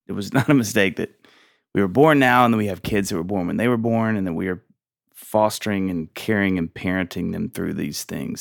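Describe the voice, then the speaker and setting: A man in his thirties hosting a casual faith and parenting podcast, telling stories with lively acted-out quotes and frequent laughs. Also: sits low, creaky, no room sound, studio quality. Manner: animated storyteller, acts out quotes, laughs often. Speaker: podcast host.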